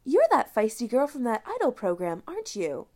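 A woman's voice: fairly high pitch, huge pitch swings, normal speed, a little mellow, pitched above the performer's own voice. A woman putting on a perky British lady. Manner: perky, coaxing.

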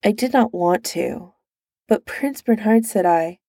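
A gentle young servant speaks softly, patient and long-suffering. A woman voices him a touch higher than her narration, slow and gravelly. The sound is dry and close. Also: no echo. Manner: soft, weary.

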